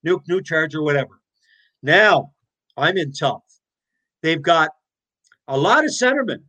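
A man in his sixties telling his stories as an interview guest, animated, blunt and profane. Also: fairly high pitch, unhurried. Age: 60s. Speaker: interview guest, former hockey player. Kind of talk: casual storytelling.

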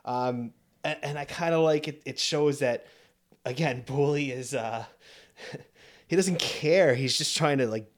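A man's voice: medium pitch, unhurried. A man co-hosting a casual movie podcast, speaking in loose, easygoing phrases. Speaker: podcast co-host.

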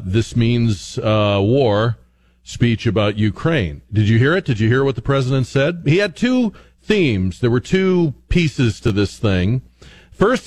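A man hosting a talk radio show, delivering an opinionated monologue full of rhetorical questions. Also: medium pitch. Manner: argumentative, rhetorical questions, animated.

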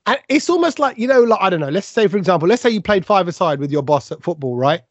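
A man co-hosting a podcast, teasing his friends in animated, laughing banter with many restarts. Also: high-pitched, quick pace, dry recording. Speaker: podcast co-host.

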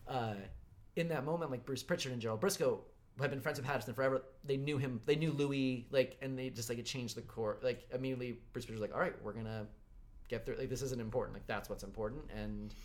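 A man's voice: mid-range voice, fast talker. Man retelling a story casually. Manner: recounts stories with quoted dialogue. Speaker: podcast host.

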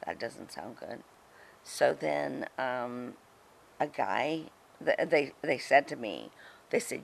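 A middle-aged woman telling a story in a casual interview, animated and chatty, acting out what others said. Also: a bass voice, takes it slowly, vocal fry, a little hiss or hum. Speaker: guest, former wrestling personality.

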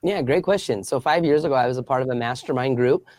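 Animated man telling a story as a guest. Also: mid-range voice, fast, no echo. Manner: animated storyteller, acts out quoted voices. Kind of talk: storytelling interview answer.

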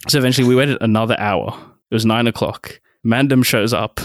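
A young Australian man telling a rambling story on a podcast, animated and laughing, with crude jokes. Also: medium pitch, fairly quick, no room sound, clean studio sound. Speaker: podcast co-host. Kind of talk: casual banter storytelling.

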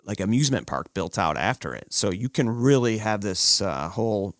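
A man in his thirties chatting on a podcast, telling jokey stories about his kids with lively put-on quotes. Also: fairly low pitch, moderate pace, no room sound. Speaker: podcast co-host. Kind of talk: casual chat.

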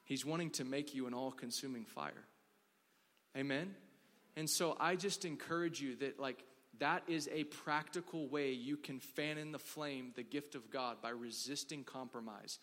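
Bright-voiced preacher in a reverberant hall. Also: male voice, medium pitch, normal speed. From Dallas. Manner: casual, filler-heavy storytelling with acted quotes. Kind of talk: sermon with storytelling.

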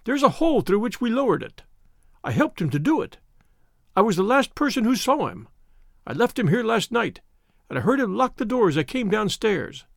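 A man voicing a terrified little man who pleads in a high, querulous voice. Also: very animated, brisk, creaky, no room sound, clean studio sound, exaggerated voice. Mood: panicked. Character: frantic fearful little man, shrill and pleading.

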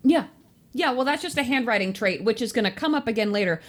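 A woman co-hosting a podcast, chatting and joking while recapping a TV show. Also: on the high side. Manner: animated, quick to joke and laugh. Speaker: podcast co-host. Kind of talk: casual chat recapping a TV show.

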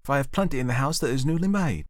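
A man's voice: medium pitch, animated, very fast, no room sound, studio quality, voice pushed up, lightly acted. A man voicing a friendly, welcoming housewife in a storybook reading, in a sing-song manner. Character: kindly housewife, welcoming and brisk.

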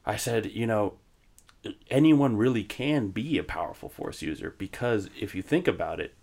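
A man with a very low, gravelly voice, co-hosting a podcast. He argues his points in casual chat and reasons them through step by step. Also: expressive, moderate pace, darkish tone. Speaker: podcast co-host.

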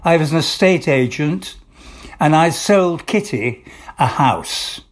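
An older male actor, interviewed, tells long rambling anecdotes full of restarts and acted-out dialogue. His voice is fairly high with lively intonation, and he speaks slowly.

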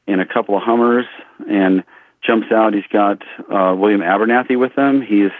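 A middle-aged man, a shooting instructor, telling rambling, lively stories in an interview, acting out what people said. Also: fairly low pitch, normal speed, dry recording. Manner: animated, rambling storyteller who acts out quotes. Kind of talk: casual storytelling in an interview. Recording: tinny phone-like line.

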